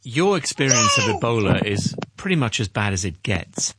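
A man interviewing for a news report, asking short, gentle, prompting questions. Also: lowish voice, very animated, normal speed, background noise.

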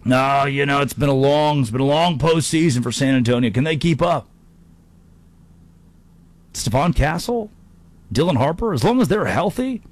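A male sports-talk host carries the monologue with lively energy. He talks fast and loose, cracking jokes and mixing in quick mock voices between his points. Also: a little high. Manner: animated, jokey, slips into mock impressions.

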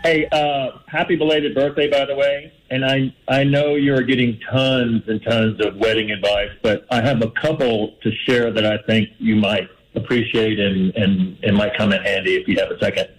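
A man's voice: medium pitch, fairly even intonation, normal speed, few pauses, low-quality recording. A man calling in to a radio show, giving earnest, friendly advice with a few fillers. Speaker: caller. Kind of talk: phoned-in advice.

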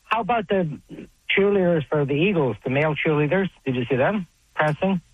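A man's voice: on the high side, a little fast, breathy edge, no echo. A man who is a regular on a sports radio show, eagerly needling the host with questions. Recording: tinny phone line.

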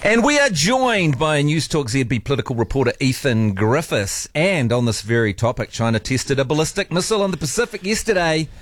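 A man's voice: fairly high pitch, big pitch swings, brisk, hardly any pauses. A New Zealand man hosting a talk radio show, chatty and jokey. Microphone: studio microphone.

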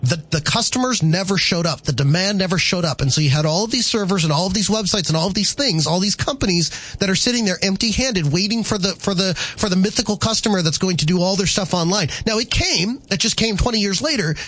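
A man's voice: high-pitched, animated, fast talker, hardly any pauses, fairly bright tone, no echo. A man hosting a call-in radio show, thinking aloud and restarting his sentences as he works through answers. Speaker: radio talk show host.

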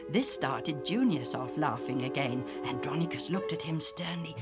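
A woman narrating a Bible story with expressive, character-driven reading. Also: low-pitched, normal speed, few pauses, reverberant, big-room sound. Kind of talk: scripted narration. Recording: music behind the reading.

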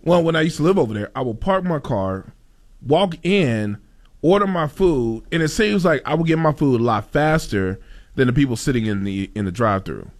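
A man's voice: expressive, moderate pace. A man chatting casually on a podcast, telling a funny story with lots of laughter and self-interruptions. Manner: laughing storyteller, jumps into high put-on voices. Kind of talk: casual chat.

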